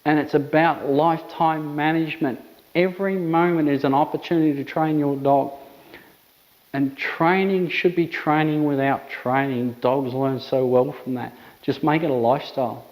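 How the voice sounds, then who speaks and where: A man's voice: fairly high pitch, steady tone, moderate pace, a little mellow, rough recording. A man, an emphatic dog trainer explaining methods with repetitive phrasing. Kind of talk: instructional talk to camera.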